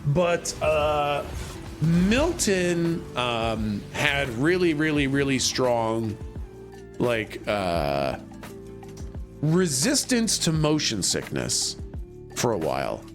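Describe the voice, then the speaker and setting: A man's voice: medium pitch, very slow, music in the background. A man in his thirties chatting casually while he plays a game on stream, rambling and joking. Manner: animated, rambling, jokey.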